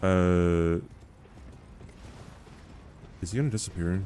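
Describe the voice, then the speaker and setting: A man's voice: deep voice, fairly even intonation, slow pace, dark tone, slight background noise. A man streaming a game live, chatting casually and answering chat questions in a rambling, easygoing way.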